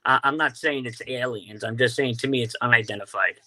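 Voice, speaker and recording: A brisk, pushed, bright voice of medium pitch belongs to this Staten Island man with a New York accent. As a guest in a casual interview, the UFO sky watcher tells stories riddled with fillers and restarts.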